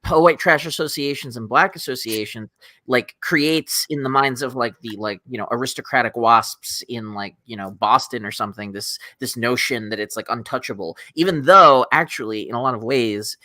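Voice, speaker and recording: A man from New Jersey, a guest in a casual conversation, talking in an animated, expressive way with quick asides and exclamations. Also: mid-range voice, no room sound.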